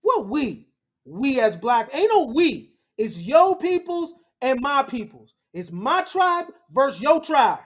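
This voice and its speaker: A man with a notably high voice, lecturing in blunt, emphatic street slang. He drives each point home forcefully, and his delivery stays casual throughout. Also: sing-song, a little slow, few pauses. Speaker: host. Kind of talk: lecture-style commentary.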